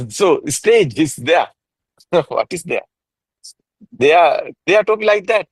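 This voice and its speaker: A man teaching Buddhism in a casual discussion over a video call, halting and repetitive, with frequent soft laughs. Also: a little high, expressive, creaky, husky, dry recording, low-quality recording.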